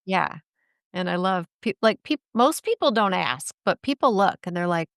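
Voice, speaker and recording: A woman's voice: on the low side, animated, vocal fry, no echo, studio quality. Chatty woman co-host, laughs a lot. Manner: chatty, laughs often, quick affirmations. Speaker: podcast co-host. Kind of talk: casual faith podcast chat.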